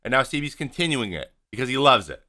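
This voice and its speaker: A man in his thirties giving animated, opinionated casual commentary over game footage, acting out what the players say. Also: mid-range voice, fast talker. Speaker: podcast host and former pitcher.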